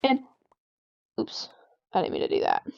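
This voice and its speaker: A woman's voice: normal speed, darkish tone, no room sound, dull audio. A teenage girl venting casually about a friend while playing a game, rambling and exasperated, with constant "like" fillers. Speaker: gaming vlogger.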